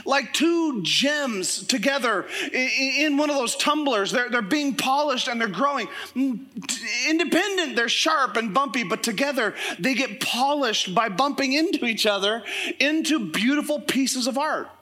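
A man preaching a sermon as pastor, telling joking stories in a lively way to his congregation. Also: very high-pitched, unhurried. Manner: animated, joking storytelling. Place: church service with congregation.

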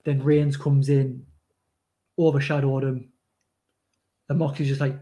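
A man's voice: medium pitch, flat delivery, measured pace, warm tone. A man from North East England with a north-east English accent, co-hosting a casual podcast chat and telling rambling stories with laughs. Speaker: podcast co-host.

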